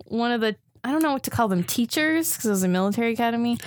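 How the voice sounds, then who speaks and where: A woman's voice: on the high side, expressive, racing. A woman talking casually in a podcast chat, rambling and hesitant with many fillers. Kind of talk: casual chat about horror movies.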